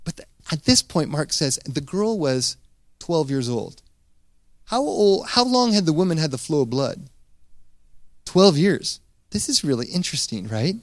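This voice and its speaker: A man preaching a sermon as pastor, retelling a scripture story in a casual, animated way with frequent restarts. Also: a little high, measured pace, no room sound, studio quality.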